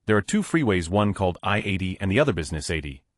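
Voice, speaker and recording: A man reading Reddit stories aloud as a narrator, in a brisk, steady read-aloud delivery. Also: low voice, no room sound, clean studio sound. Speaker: story narrator.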